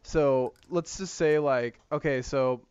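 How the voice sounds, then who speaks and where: A man's voice: mid-range voice, slow, a little mellow, clear, resonant tone. A man giving rambling, filler-heavy casual commentary over gameplay as a gaming YouTuber. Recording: slightly muffled lo-fi mic.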